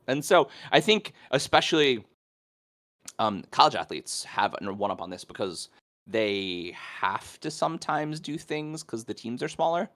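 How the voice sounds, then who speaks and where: A man's voice: medium pitch, sing-song, a little slow, a bit bright. A man co-hosting a podcast, thinking aloud casually about sports with many "I mean"s. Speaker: podcast co-host.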